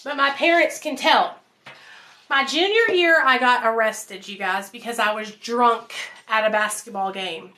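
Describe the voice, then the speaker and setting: A woman's voice: on the high side, a little slow, pushed and bright. A woman, casually telling her life story to viewers at home, calling them y'all. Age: 30s. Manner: chatty, addresses viewers as y'all and you guys.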